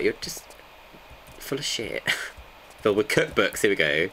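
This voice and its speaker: A man's voice: on the low side, very animated, unhurried, pushed and bright, a little hiss or hum. A man, chatting and joking with his viewers while playing a game. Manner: joking, bantering with chat. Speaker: streamer. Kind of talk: casual live gameplay chat.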